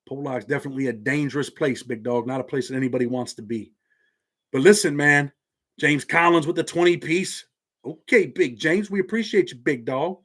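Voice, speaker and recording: A man with a Southern accent hosting a live stream from his home office, talking in laid-back street slang. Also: medium pitch. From Indiana. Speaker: channel host.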